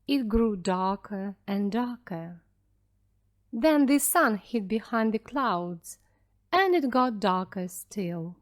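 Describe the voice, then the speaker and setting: Slow, clear woman reading a story. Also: mid-range voice, expressive. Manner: clear and deliberate. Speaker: narrator. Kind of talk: slow storybook narration for English learners.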